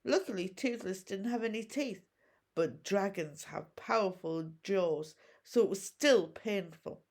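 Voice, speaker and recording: Slow-reading woman teacher. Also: medium pitch. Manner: expressive, measured storytelling. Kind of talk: reading a storybook aloud.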